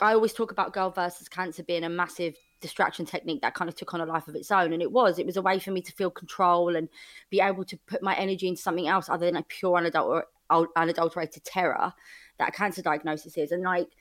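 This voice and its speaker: A woman's voice: fairly low pitch, steady tone, quick pace. Woman in her thirties, podcast guest at home, chatty and candid. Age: 30s. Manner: chatty and candid, heavy use of "like". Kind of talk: casual conversational interview.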